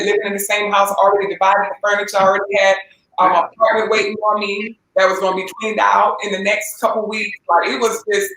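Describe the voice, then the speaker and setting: Woman, emotional halting testimony, lots of ums, echoey room w faint hum. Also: mid-range voice, a bit bright. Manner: halting, emotional, many fillers and restarts. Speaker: interview guest, gospel singer.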